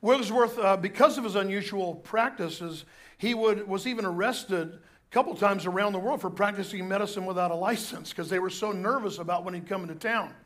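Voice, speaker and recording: High-voiced pastor preaching casually. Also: male voice, a little fast, a bit bright. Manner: conversational, joking asides, restarts. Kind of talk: sermon.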